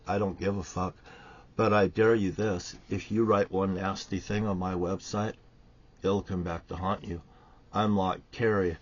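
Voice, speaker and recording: A man delivering an angry, profane, preachy monologue, swinging between loud outbursts and quiet threats. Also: lowish voice. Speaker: online ranter. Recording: dull lo-fi recording.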